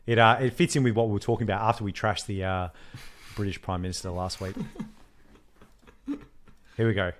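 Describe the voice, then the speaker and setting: A man co-hosting a podcast in casual chat, animated, swearing freely and mimicking others as he tells stories. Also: lowish voice, fairly quick, long pauses. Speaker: podcast co-host.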